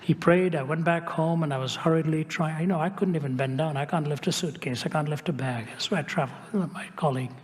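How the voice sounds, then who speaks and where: Older man preaching with hushed whispers. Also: on the high side, fast talker, hardly any pauses, long reverb tail. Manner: dramatic shifts to a hushed whisper. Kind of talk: sermon storytelling.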